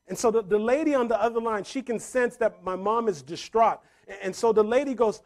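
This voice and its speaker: A man telling a story in a motivational speech to a live audience, repeating phrases for emphasis and building to loud peaks. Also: high voice, fairly quick, few pauses. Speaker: motivational speaker. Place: room full of people.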